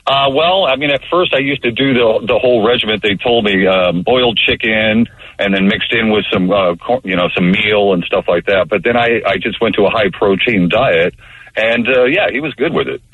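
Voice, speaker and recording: A man with a low, husky voice rambles through a story as a guest on a talk radio show. His delivery is loose and anecdotal, full of fillers and restarts. The sound is dry and a little dull, as if the sound were cut off at the top. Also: normal speed, no room sound. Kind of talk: casual radio chat.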